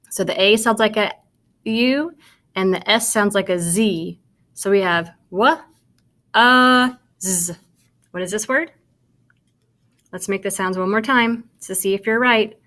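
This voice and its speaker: In a medium-pitched, somewhat bright voice, a woman leads a slow, patient phonics lesson for young children. Each kindergarten sight word is sounded out and spelled, and she talks straight to the watching child with encouragement and praise.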